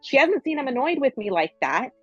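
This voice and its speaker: A woman's voice: high voice, very animated, fairly quick, breathy edge, no room sound, dull audio, soft background music. A middle-aged woman giving a casual spiritual coaching talk, earnest and repeating phrases for emphasis.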